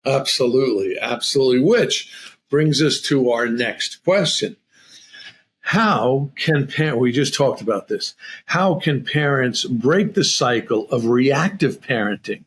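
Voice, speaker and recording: A male podcast host with a slightly husky voice. He wanders through his questions, stacking up fillers before handing over to his guest. His pitch sits in a middle register. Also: expressive, a little slow. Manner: rambling questions full of fillers. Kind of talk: conversational podcast interview.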